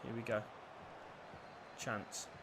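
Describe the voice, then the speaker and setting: A young man commentating his own football video game match, nervy and swearing, bursting into shouts at big moments. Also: takes it slowly, background noise. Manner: nervous, swearing, erupting into shouts at goals. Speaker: gaming YouTuber. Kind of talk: live gameplay commentary.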